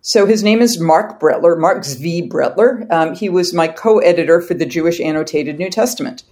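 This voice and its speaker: A woman's voice: on the low side, normal speed, a little mellow. An older woman from Massachusetts, a guest scholar on a podcast interview, speaking in a precise, dry and witty way. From southeastern Massachusetts.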